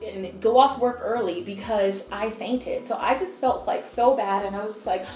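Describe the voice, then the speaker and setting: A young adult woman vlogging, telling a personal story in a chatty, animated way and acting out what people said. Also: mid-range voice, moderate pace, faint music behind. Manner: chatty, animated, acts out quotes. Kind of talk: casual storytelling. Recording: echoey room.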